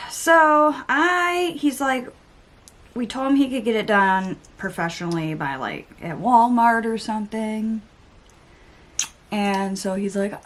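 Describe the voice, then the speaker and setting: A woman's voice: fairly high pitch, slow pace. A young adult woman vlogger telling a story in casual chitchat while getting ready, with exasperated asides and mild swearing. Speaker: beauty vlogger.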